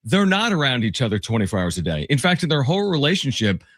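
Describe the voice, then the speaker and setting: A man's voice: medium pitch, very animated, quick pace, fairly bright tone, no echo, clean studio sound. A man co-hosting a sports talk show, chatting casually, joking and laughing often. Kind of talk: casual chat.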